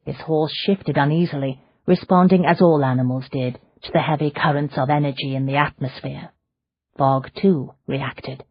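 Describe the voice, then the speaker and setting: A woman narrating an audiobook in a measured, dramatic storytelling style. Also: low-pitched, breathy edge, dry recording, highs cut off. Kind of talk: scripted narration.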